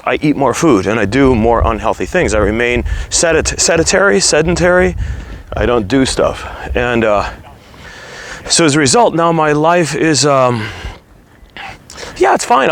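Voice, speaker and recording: A man vlogging candidly about his weight, earnest and halting. He is slightly out of breath from walking while he talks. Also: mid-range voice. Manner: earnest, halting, restarts words while opening up. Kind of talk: candid confessional vlog.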